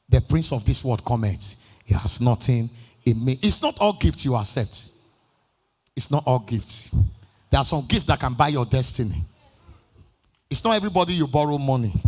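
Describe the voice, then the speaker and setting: A man with a Nigerian accent preaching a sermon as pastor. He swings between chanted, shouted lines and quiet asides. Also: mid-range voice, slightly rough. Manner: shouts and sings phrases, then drops to quiet asides.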